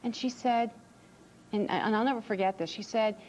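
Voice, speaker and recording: Her voice on the high side with a darkish tone, a child psychologist speaks at a moderate pace as a guest in a TV interview. She is earnest and reassuring, frequently repeating words at the start of sentences. Slight background noise sits under the dull, lo-fi TV sound.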